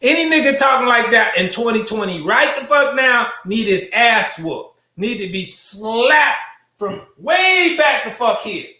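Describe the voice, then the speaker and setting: A man rails through a fiery monologue, his bright, forceful voice swinging up and down in pitch. He preaches with profanity, throws out rhetorical questions and repeats lines for effect. The sound bounces around an echoey room. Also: big pitch swings, unhurried. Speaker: show host.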